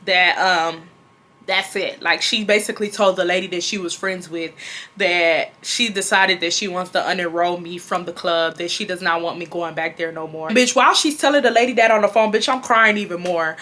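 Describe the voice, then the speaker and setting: Bright-voiced woman in her twenties. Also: lowish voice, normal speed. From Houston, Texas. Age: 20s. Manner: animated, profane, talks straight to viewers. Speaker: vlogger. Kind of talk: storytime vlog.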